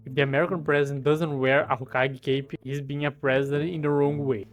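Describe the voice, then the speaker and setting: A Brazilian man with Portuguese as his first language, giving mock-pompous, crude comedic commentary in a deadpan boasting manner. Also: medium pitch, a little fast, faint music behind. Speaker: comedy video creator. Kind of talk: comedic commentary while editing a map.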